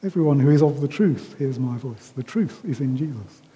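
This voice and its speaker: A man giving a conversational sermon as a preacher, unhurried, with frequent ums and restarts, recorded in a large hall. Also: medium pitch, expressive, dark tone. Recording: long reverb of a hall.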